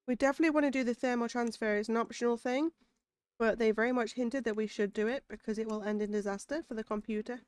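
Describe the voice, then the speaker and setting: A woman's voice: a little high, steady tone, quick pace, a little mellow, smooth, no echo. A woman streamer chatting casually while playing a game, musing aloud between bites of food. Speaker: gaming streamer. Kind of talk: casual gameplay chat.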